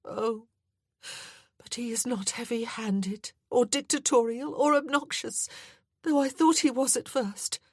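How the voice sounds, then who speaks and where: A woman's voice: fairly high pitch, measured pace, no room sound, pitched above the performer's own voice. A woman voicing a grief-stricken young widow in tearful, wailing outbursts. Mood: agitated.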